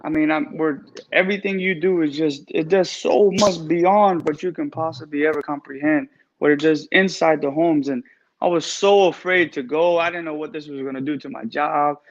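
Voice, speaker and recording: In an emotional live-stream call, a man who is a barber in recovery heaps repeated, thankful praise while describing his recovery. His voice is slightly high and fairly even in intonation, at normal speed, and the audio is dull.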